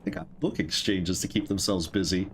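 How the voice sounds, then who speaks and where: A man's voice: low-pitched, fairly even intonation, moderate pace, fairly bright tone, slight background noise. A man commenting on his game and reading the characters' lines in amateur put-on voices, laughing at his own delivery. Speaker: game streamer voicing characters.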